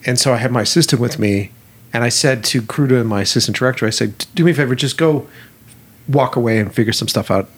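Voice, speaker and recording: A man with a husky, slightly breathy voice tells a story from a film shoot in a relaxed conversation. He swears freely and acts out the lines of the people in it, his pitch sitting around the middle. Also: fast talker. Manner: animated, profane, acts out dialogue. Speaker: film director.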